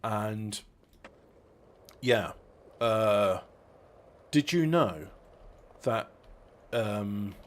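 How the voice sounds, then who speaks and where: A man's voice: on the low side, expressive. Rambling man, stop-start chat. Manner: rambling, halting, with many restarts and fillers. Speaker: podcast co-host. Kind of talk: casual chat.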